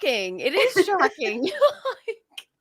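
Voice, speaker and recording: A woman guest on a comedy podcast, telling stories with animated put-on voices, laughing often and swearing. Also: high-pitched, slow, no room sound, studio quality. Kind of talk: casual comedic chat.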